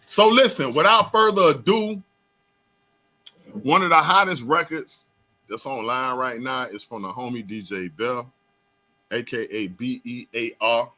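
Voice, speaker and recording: A man's voice: medium pitch, measured pace. Hyped South Florida talk show host, man. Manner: loud, hyped, swings between shouting and mumbling.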